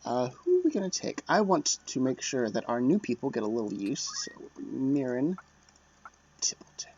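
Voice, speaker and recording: Very animated and husky, this man's medium-pitched voice has a slightly mellow quality and a moderate pace. As a let's play commentator, he chats about a strategy game while playing, knocking himself and often mumbling quietly. The audio comes from a dull, lo-fi, dry mic.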